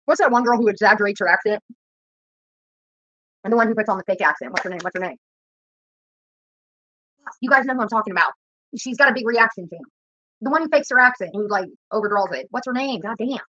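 A woman's voice: medium pitch, fast talker, long pauses, bright, forceful tone, no room sound. A woman YouTuber ranting in a profane, confrontational, rambling way while she cooks at home. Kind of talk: ranting while cooking on a livestream. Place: home kitchen. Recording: dull lo-fi sound, dry.

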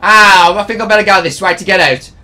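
A young man bantering casually while playing a video game, jokey, teasing and excitable. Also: high-pitched, fairly quick. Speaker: gaming channel co-host.

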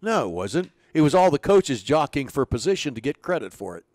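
A man's voice: on the high side, brisk, no room sound. Older man telling baseball stories. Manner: animated storyteller, acts out quoted dialogue. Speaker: former pitching coach, interview guest. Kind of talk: storytelling in an interview.

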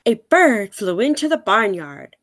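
A woman reading picture-book stories aloud to children like a teacher, slow, animated and expressive. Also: medium pitch, no room sound.

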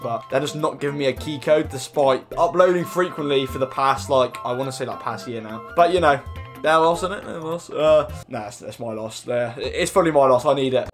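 A young man with an English accent chatting his way through a football game pack opening, rambling with lots of fillers. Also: mid-range voice. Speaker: gaming YouTuber. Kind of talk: casual gaming commentary. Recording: music playing behind.

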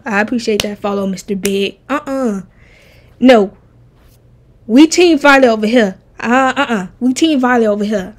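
A woman streamer chatting casually and bluntly while ranking game characters, animated and profane. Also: fairly high pitch. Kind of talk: casual game tier-list chat.

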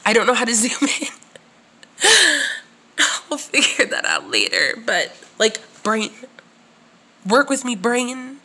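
A woman's voice: on the high side, big pitch swings, slow pace, pauses often, pushed and bright. A woman recording her first vlog at her desk, nervous and shaky, rambling with restarts and whispered asides to herself. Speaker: channel creator. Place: home room at a desk. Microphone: at her desk facing camera.

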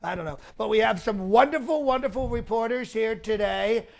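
A man's voice: sits high, normal speed, vocal fry. A male comedian doing an impression of a boastful president, rambling and repeating himself in a mock press conference. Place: mock press room set.

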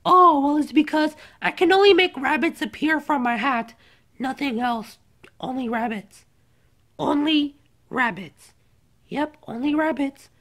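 A woman's voice: sits high, a little slow, a bit bright, pitched below the performer's own voice. A woman voicing a young male fox who plays a showy stage magician in a plush toy skit, boastful and theatrical, stretching out his magic words. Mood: sheepish.

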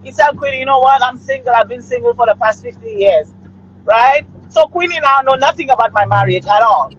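A middle-aged woman tells a story in a chatty way, stopping often to check in with her listener. Her voice is very high, and the recording sounds a little muffled. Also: big pitch swings, fairly quick, a little hiss or hum. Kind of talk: casual storytelling chat.

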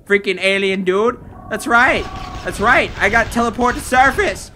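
A young man commentating his own game play at home, excitable, breaking into shouts and laughs at his wins. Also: sits high, normal speed, a little hiss or hum. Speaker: gaming video host. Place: home room.

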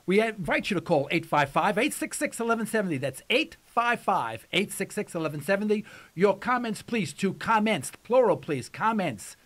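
Male radio host, high-pitched, folksy and emphatic, voice starting to wear out. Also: big pitch swings, moderate pace, a bit bright. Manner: folksy, emphatic, repeats phrases for effect. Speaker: radio talk show host. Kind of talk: casual call-in radio talk.

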